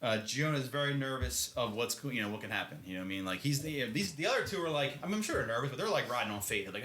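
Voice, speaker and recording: Man, podcast co-host, rambling casual recap, bright forceful voice, roomy echo. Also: medium pitch, sing-song, racing. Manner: loose and rambling, laughs often, swears casually. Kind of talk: casual chat recapping a novel. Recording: echoey room.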